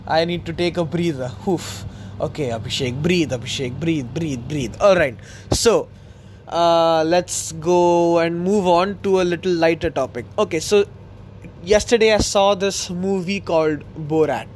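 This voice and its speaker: A man hosting his own podcast, chatting casually in an excitable, rambling way, laughing often. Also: fairly high pitch, slight background noise. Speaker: podcast host. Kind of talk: casual solo chat.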